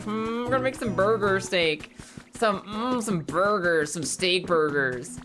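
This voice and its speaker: Measured in pace and expressive, this medium-pitched woman gives casual commentary while streaming a game to live chat. She jokes, curses freely, and plays with her viewers as game music runs underneath.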